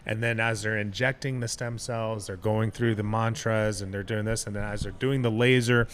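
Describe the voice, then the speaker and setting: A man's voice: on the low side, fairly even intonation, normal speed, a little hiss or hum. A man in casual podcast talk, candidly telling a personal story with frequent swearing and restarts. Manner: candid and profane, many restarts. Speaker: guest.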